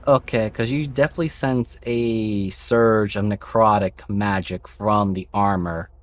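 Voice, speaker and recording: A man narrating as game master of a tabletop role-playing game, relaxed and at times slow and descriptive. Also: on the low side.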